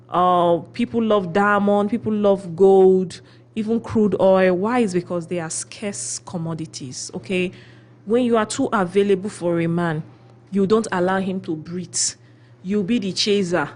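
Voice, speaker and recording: A woman hosting a radio advice segment, her voice sitting at an ordinary middle pitch. She talks through her points in a lively way and acts out quoted people as she goes. She keeps checking in with her listener by asking "okay?". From Philippines. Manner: animated storyteller, acts out quotes; often adds "okay?" to check in. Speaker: radio host giving relationship advice. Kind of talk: radio talk show advice.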